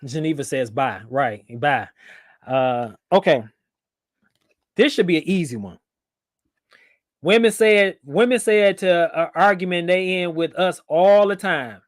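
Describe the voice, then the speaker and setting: A man's voice: high voice, lively intonation, measured pace, pauses often, no echo, studio quality. Playful man hosting a livestream. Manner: playful, reads viewer comments aloud, laughs often. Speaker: livestream host. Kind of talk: casual livestream chat.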